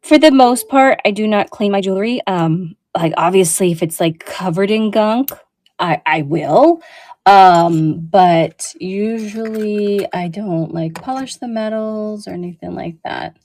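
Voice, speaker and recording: A woman's voice: medium pitch, unhurried, darkish tone, no room sound. A woman hosting a casual live selling show, chatting with lots of fillers and friendly asides as she shows vintage jewelry. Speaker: online vintage jewelry seller.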